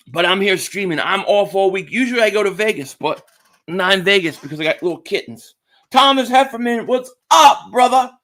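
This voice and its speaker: Sitting high with a fairly bright tone, this man's voice carries his casual live stream about football. The Philadelphia-area sports stream host says hello to people in the chat and repeats himself a lot.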